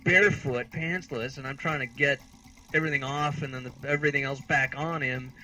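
Man from the United States, podcast co-host, rambling comic storyteller, exasperated, self-mocking, bright voice. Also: mid-range voice, steady tone, a little fast, soft background music, low-quality recording. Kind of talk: casual comedic storytelling.

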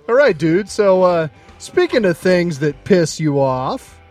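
A man co-hosts a podcast in an easygoing, casual way. He speaks a little above the usual male pitch, and his intonation moves in a lively way. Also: very slow, soft background music. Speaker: podcast co-host. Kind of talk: casual chat.

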